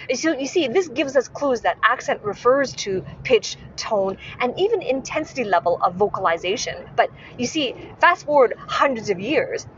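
A woman's voice: fairly high pitch, expressive, moderate pace, hardly any pauses, a bit bright, dull audio, a little hiss or hum. A woman hosting a podcast and teaching about speech, who often checks in with tag questions and corrects herself mid-sentence. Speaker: podcast host and speech coach. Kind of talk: instructive podcast monologue.

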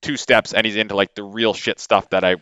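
A man from Canada, a podcast guest, telling a story in a casual, animated way with lots of fillers and repeated words, into a podcast microphone. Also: on the low side, brisk, smooth, no room sound, muffled recording.

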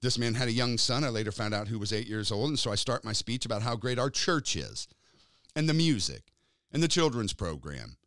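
A man's voice: mid-range voice, a little fast, no room sound, studio quality. A man preaching a sermon, telling a story and acting out the dialogue in it. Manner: animated, acts out dialogue in his stories. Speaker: pastor. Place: church.

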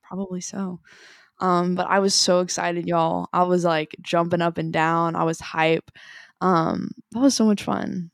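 A woman co-hosting a podcast, telling a story in animated casual chat and saying "like" a lot. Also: on the low side, measured pace, creaky, no echo, clean studio sound. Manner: animated storytelling, heavy use of "like". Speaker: podcast co-host.

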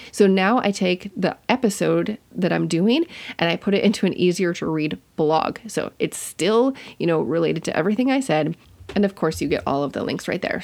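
A woman's voice: fairly low pitch, creaky. A woman hosting a podcast, talking casually as she teaches listeners, chatty and correcting herself as she goes. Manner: chatty and warm-hearted, with self-corrections. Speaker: podcast host.

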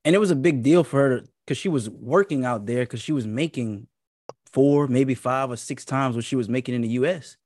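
A man's voice: medium pitch, a little fast, darkish tone, dry recording. Easygoing rambling man, dry mic. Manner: easygoing, rambling, many fillers and asides. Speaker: podcast guest. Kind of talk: casual panel chat.

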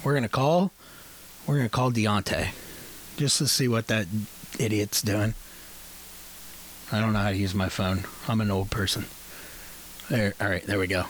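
A podcast host chatting on the phone in a loose, profane way, laughing often and rambling through restarts. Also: male voice, lowish voice, steady tone, moderate pace, long pauses, slight background noise. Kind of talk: casual phone chat.

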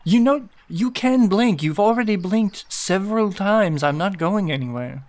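A man's voice: high voice, animated, normal speed, darkish tone, voice pushed up. A man doing a sarcastic woman adventurer. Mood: teasing.

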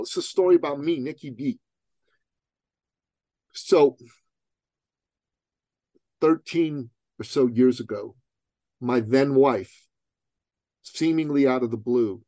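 A middle-aged man from Iran leans into his own story, firing off punchy rhetorical questions. His pitch sits in an ordinary middle range. The sound is dry and close, with no room around it. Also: a little mellow, dry recording. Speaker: guest entrepreneur and coach. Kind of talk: personal storytelling in an interview.

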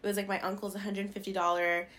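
A woman's voice: mid-range voice, little pitch movement, fast talker, fairly bright tone. A young woman from Las Vegas, co-hosting a podcast and telling stories in a chatty way, often laughing. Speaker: podcast co-host. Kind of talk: casual chat.

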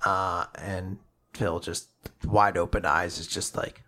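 A man's voice: mid-range voice, expressive, normal speed, pushed and bright. A man with a middle-range voice recaps a story for his podcast co-host in a loose, casual way. He animatedly performs each character's lines as he goes, with the odd casual swear.

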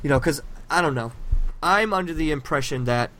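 A man hosting a casual podcast conversation, opinionated and animated, often restarting his sentences. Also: on the high side, brisk, slight background noise. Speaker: podcast host.

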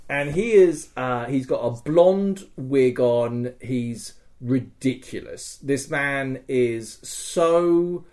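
A man's voice: medium pitch, extremely slow, hardly any pauses, darkish tone. A man hosting a podcast, telling a story in casual chat. He swears freely and keeps checking in with "right?" and "okay?". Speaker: podcast host.

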